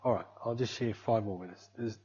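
A middle-aged man preaching a sermon in an animated, conversational way, often tagging his sentences with "eh" and "hey". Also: fairly low pitch, fairly quick. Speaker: pastor. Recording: muffled lo-fi recording.

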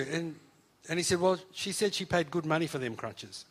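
A man's voice: a little high, moderate pace. A man, preaching and telling a testimony story, acting out the voices of the people in it. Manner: animated, acts out quoted voices.

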